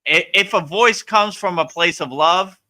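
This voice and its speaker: A man who is a spiritual teacher, hosting a live-stream Q&A in a casual, animated way and often asking "you know?" and "right?". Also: high-pitched, measured pace. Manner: acts out voices playfully.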